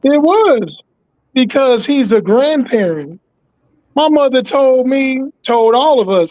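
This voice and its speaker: A man's voice: very high-pitched, big pitch swings, takes it slowly, a little mellow, muffled recording. A man co-hosting a casual podcast, chiming in bluntly and with swearing. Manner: blunt, profane, chiming in with agreement. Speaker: podcast co-host. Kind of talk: casual chat.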